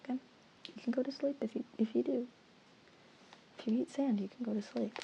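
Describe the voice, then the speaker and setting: A woman ASMR creator in a playful, teasing whispered role-play, mixing soft whispers with mock-stern asides. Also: a little high, steady tone, brisk, creaky, highs cut off, a little hiss or hum.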